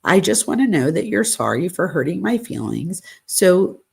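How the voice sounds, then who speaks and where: A woman's voice: lowish voice, big pitch swings, moderate pace, creaky, a little mellow, slightly rough, heavily acted. Woman reading as a hurt young man texting. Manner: reads text messages aloud with a lightly raised voice.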